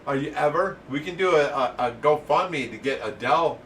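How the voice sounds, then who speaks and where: Brightly laughing man reading live chat. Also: on the high side, animated, recorded from a distance, slight background noise. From Ohio. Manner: laughing, hurried, reads comments aloud. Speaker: fish rescue co-host reading live chat. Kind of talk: casual live-stream chat.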